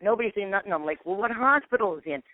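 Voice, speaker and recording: Speaking very fast in an expressive mid-range voice, this paranormal investigator rambles through a long tale during a phone interview. She acts out each exchange with "I'm like," and the tinny phone line is dry, with no room sound.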